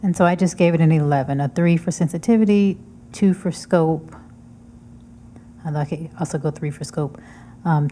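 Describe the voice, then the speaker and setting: A woman's voice: sits low, dark tone, slight background noise. A woman on a city committee speaking conversationally and asking questions. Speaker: committee member. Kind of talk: committee meeting discussion.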